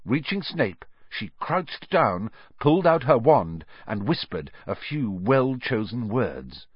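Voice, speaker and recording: Man, storybook narrator, hugely animated pitch, dry close sound, slightly muffled. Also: slow, slightly rough, no room sound. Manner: highly expressive storytelling. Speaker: audiobook narrator.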